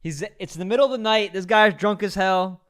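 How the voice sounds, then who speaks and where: A man from New York City hosting a reaction video, excitable and peppering every line with "bro.". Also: high-pitched, brisk, clear, resonant tone. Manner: excitable, says "bro" constantly. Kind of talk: reaction commentary.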